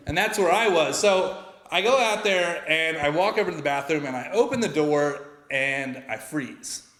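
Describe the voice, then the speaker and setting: A man's voice: on the high side, lively intonation, normal speed, fairly bright tone. A man in his thirties telling a true personal story live on stage, self-mocking and acting out the dialogue. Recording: echoey hall from far off.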